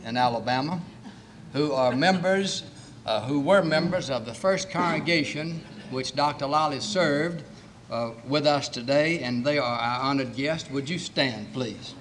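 A man chairing a committee, giving a formal, measured welcome address and reading out lists of honored guests. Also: fairly high pitch, fairly bright tone, slight background noise.

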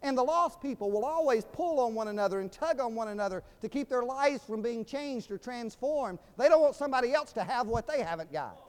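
A man's voice: extremely high pitch, animated, brisk, few pauses, clean tone. An older man from Georgia with a Southern accent, preaching a sermon with folksy storytelling and humor that builds into emphatic proclamation. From Georgia, USA. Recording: long reverb of a large hall.

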